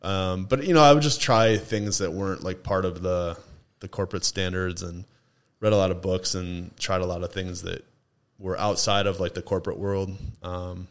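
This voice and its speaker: Man, very low voice, podcast guest, rambling, laughs a lot, from toledo. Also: fairly even intonation, moderate pace, smooth. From Toledo, Ohio. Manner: rambling, many restarts and laughs. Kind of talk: casual chat. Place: indoors, recorded session with drinks.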